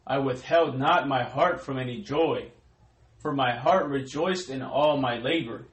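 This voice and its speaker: A man reading Bible verses aloud in a slow, measured way during a sermon. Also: mid-range voice, reverberant, low-quality recording. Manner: slow, measured recitation of old-style verse. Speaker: scripture reader.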